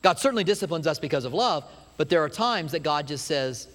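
A man preaching a sermon, retelling a story with animated asides and acting out what people say. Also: a little high, a little fast, hardly any pauses, big-room sound. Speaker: pastor.

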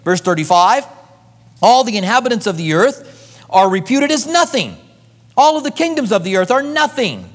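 A man preaching a sermon, moving between loud emphasis and hushed asides, then leading a prayer. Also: high-pitched, sing-song, normal speed, big-room sound. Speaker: pastor.

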